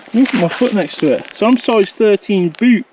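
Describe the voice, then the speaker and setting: Excitable man in a forest. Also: high-pitched, a little fast, a little hiss or hum. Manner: excitable, chatty, jokey. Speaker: wildlife vlogger. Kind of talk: casual outdoor vlog talk. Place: outdoors in a forest. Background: faint outdoor ambience.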